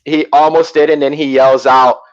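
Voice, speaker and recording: A man's voice: on the high side, flat delivery, normal speed, highs cut off, a crowd in the background. A man co-hosting a wrestling podcast, rambling and hesitant, often repeating his words. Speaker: podcast co-host. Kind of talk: casual chat.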